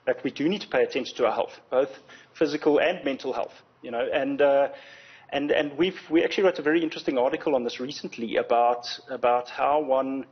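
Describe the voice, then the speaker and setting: A man, an insurance executive explaining things in a TV news interview, measured and often repeating words as he thinks. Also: mid-range voice, slightly rough, muffled recording. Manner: measured, explanatory, frequent word repetitions. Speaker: insurance company executive, guest.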